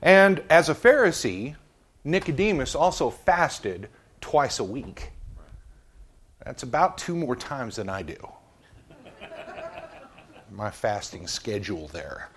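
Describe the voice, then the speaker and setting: A man's voice: medium pitch, big pitch swings, slow pace, pauses often, slightly rough. A man preaching a casual Bible lesson, reading verses and adding humorous, conversational asides. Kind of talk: joking Bible teaching.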